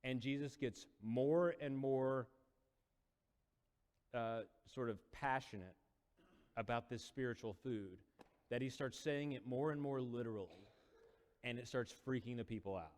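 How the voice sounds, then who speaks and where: A man's voice: medium pitch, measured pace, pauses often, a little mellow. A male preacher retelling a Bible story in a casual, storytelling sermon, acting out quotes with rising intensity. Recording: long hall reverb.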